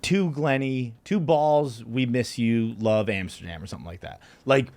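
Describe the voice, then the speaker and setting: At a moderate pace, a man guesting on a podcast recounts a rowdy tale in a casual manner. He laughs often and leaps into high yelps whenever he mimics his own shouting.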